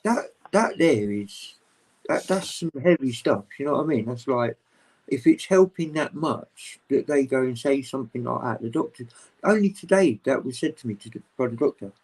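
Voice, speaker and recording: A man chatting casually as a guest on a livestream video call, rambling, open and animated. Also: mid-range voice, normal speed, rough recording. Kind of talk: casual chat.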